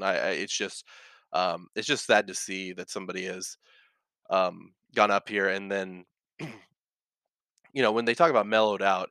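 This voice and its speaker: In studio-quality, dry audio, a podcast host with a lowish, pushed, bright voice chats casually and reads posts from the internet. His talk wanders, full of filler words and restarts, and he keeps tacking on "right?"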